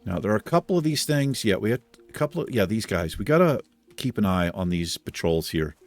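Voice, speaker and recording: A man's voice: fairly low pitch, big pitch swings, brisk, soft background music. A man hosting a video game let's play, giving laid-back commentary with casual swearing and chuckles. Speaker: host.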